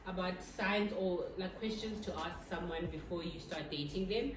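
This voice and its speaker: A woman's voice: on the low side, normal speed, slight background noise. A woman hosting a vlog, chatting casually and teasing her husband. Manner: teasing, laughs easily. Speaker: vlog host. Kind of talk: casual chat. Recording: echoey room, distant mic, music.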